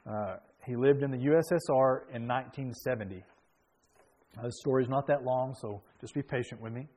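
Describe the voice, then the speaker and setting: A man's voice: mid-range voice, darkish tone. A man preaching a sermon and reading a story aloud, earnest, with self-deprecating asides.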